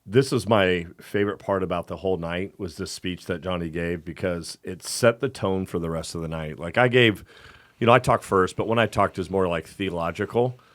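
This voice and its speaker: A man with a fairly low voice co-hosts a faith podcast in casual chat. He talks with emphatic, rallying conviction and a loose conversational flow. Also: normal speed, fairly bright tone. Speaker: podcast co-host.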